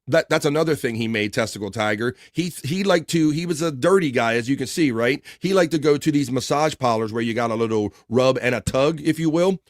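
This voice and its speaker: A man's voice: mid-range voice, fairly quick, hardly any pauses, no echo, studio quality. A man hosting a casual livestream from the US East Coast, reading chat messages aloud and chatting loosely with lots of filler words. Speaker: live stream host reading chat.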